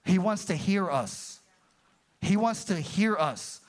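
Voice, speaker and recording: A pastor preaching a sermon to his congregation, animated and calling out for response. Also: sits high, slow pace. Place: church sanctuary.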